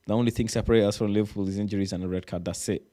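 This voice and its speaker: A man's voice: fairly low pitch, steady tone, racing, dark tone. A man giving casual reaction commentary, reading posts aloud, swearing and sounding exasperated. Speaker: reaction streamer.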